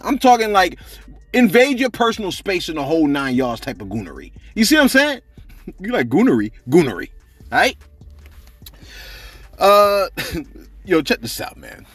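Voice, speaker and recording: Lively high-voiced man gossiping. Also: no room sound. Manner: animated, laughing, repeats "you see what I'm saying". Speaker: celebrity gossip channel host. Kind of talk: casual gossip commentary.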